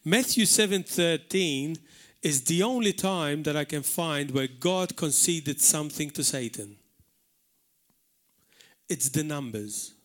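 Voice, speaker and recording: A man preaching a live sermon in church, earnest and emphatic, repeating words for stress. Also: on the high side. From Malta. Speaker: pastor. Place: church hall, live service.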